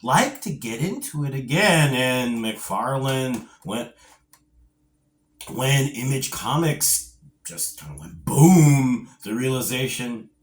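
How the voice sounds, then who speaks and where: A middle-aged man reviewing a vintage action figure, talking in a rambling, animated way with playful asides and geeky nostalgia. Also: medium pitch, takes it slowly. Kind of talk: casual video review.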